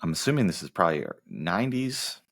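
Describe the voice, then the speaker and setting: A Southern American man co-hosts a laid-back movie podcast, needling his co-host and wandering through plot summaries in a casual review chat. His low voice is creaky and fairly bright, with big swings in pitch, and he talks fast.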